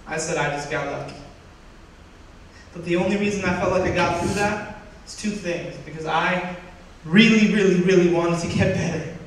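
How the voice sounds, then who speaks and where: A young man tells a personal story with animated delivery, slipping into the voices of the people he quotes. His voice sits fairly high. It is heard from a distance in a very reverberant hall with faint noise behind. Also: moderate pace. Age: young adult. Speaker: student speaker. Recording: echoey hall from far off.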